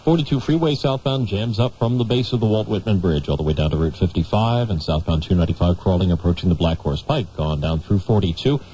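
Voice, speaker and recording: A man reading a radio traffic report in a brisk, matter-of-fact way. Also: deep voice, mellow, poor audio.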